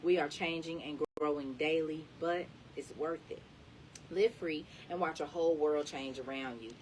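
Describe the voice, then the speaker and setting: A woman's voice: low-pitched, moderate pace, darkish tone, distant mic, a little hiss or hum, poor audio. A woman reading an inspirational book aloud with an emphatic, encouraging delivery. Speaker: reader.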